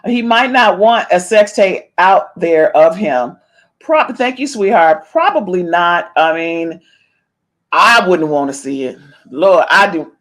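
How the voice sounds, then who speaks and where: Animated middle-aged woman gossip host. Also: fairly low pitch, slow. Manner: animated, chatty, playful meowing catchphrase. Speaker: podcast host. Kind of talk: celebrity gossip commentary.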